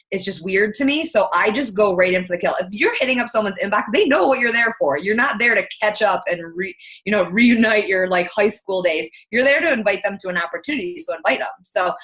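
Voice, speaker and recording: A woman's voice: mid-range voice, fairly bright tone. A woman team coach talking casually in an interview, blunt and to the point, with lots of "like" fillers. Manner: blunt, fast, filler-heavy talk.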